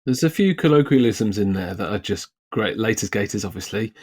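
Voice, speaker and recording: A man from Britain chats casually on a podcast, loose and friendly in his phrasing. His talk is full of fillers and quick asides. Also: on the low side, expressive, crowd noise. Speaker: podcast co-host, screenwriter. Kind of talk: casual discussion.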